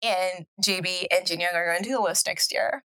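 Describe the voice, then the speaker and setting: A woman's voice: on the low side, normal speed, bright, forceful tone, dry recording. Chatty woman co-host, dry close sound. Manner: chatty, laughs often, trails off mid-thought. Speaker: podcast co-host. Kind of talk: casual chat.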